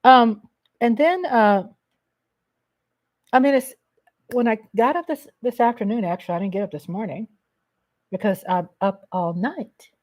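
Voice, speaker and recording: Slow, chatty woman livestream host. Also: fairly high pitch, darkish tone. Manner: slow, chatty, sings snippets and calls viewers baby and darling. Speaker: livestream host reading chat. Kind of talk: casual livestream chat.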